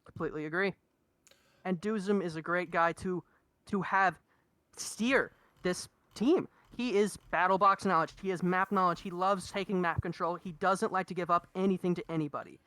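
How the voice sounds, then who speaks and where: A young man co-commentates a live draft stream in a high, bright voice, recorded dry and close. He talks eagerly and thinks out loud, asking question after question about each pick. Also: steady tone, moderate pace, dry recording. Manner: enthusiastic, analytical, talks in rhetorical questions.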